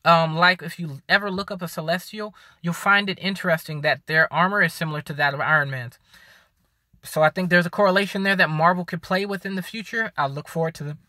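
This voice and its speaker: Tired, rambling man with a bright voice. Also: high voice, steady tone, fairly quick, no echo. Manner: rambling, with many ums and restarts. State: tired and hiccuping after the gym. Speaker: video host. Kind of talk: casual talk to camera.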